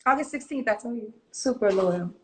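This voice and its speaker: A woman guest in a casual live chat with a slightly high voice. She giggles often and hesitates, tripping over her words as she answers. A faint hiss sits under the recording. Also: lively intonation, brisk, darkish tone.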